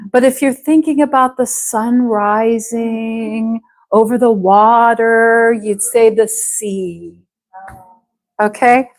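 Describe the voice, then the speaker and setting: Slow, patient woman teacher. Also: fairly high pitch, low-quality recording. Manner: patient, slow, stretches out words to model pronunciation. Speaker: English teacher. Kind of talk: live online English class.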